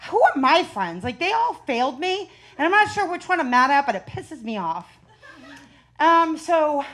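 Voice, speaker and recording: A brash, profane woman working a comedy club crowd through a handheld mic. Her voice sits high and swings wildly up and down, and she keeps laughing through her own punchlines. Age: 40s. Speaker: stand-up comedian. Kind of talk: stand-up comedy set.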